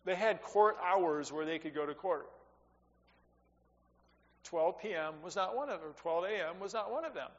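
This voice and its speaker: A man giving a sermon as a pastor, talking conversationally, rising for emphasis and dropping to quiet asides. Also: high voice, expressive, normal speed, long pauses. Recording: dull sound with long reverb in a hall.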